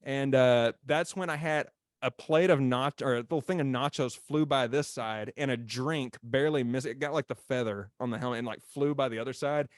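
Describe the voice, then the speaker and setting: A man, a former mascot telling a story on a podcast in a lively, laughing way and acting out what people said. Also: mid-range voice, normal speed, few pauses, no echo, studio quality. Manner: animated, acts out quotes, laughs often.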